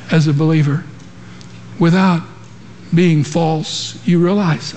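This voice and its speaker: A male pastor delivers an emphatic sermon, slightly high in pitch, asking his congregation rhetorical questions. His voice trails off into the long reverb of a large sanctuary, with a faint murmur of the room underneath. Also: a little slow, pauses often, mellow, slight background noise.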